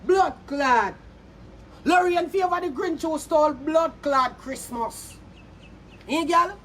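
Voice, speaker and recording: Jamaican woman going off in a vlog rant, high voice, cussing and mocking nonstop. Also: takes it slowly, slight background noise. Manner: heated, cursing, mocking. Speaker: vlogger. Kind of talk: angry insult rant to camera.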